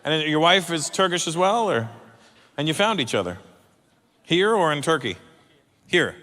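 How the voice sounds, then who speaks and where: A man's voice: on the high side, lively intonation, moderate pace. Brash male stand-up comedian. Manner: brash, teasing, chatty with the audience. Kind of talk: stand-up comedy and crowd work. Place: large live comedy venue. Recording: live show with loud crowd laughter and noise.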